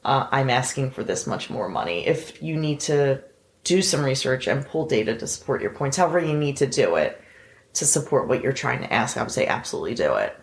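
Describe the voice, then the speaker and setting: Low, gravelly-voiced woman co-host. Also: animated, a little fast. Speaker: podcast co-host. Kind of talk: casual chat.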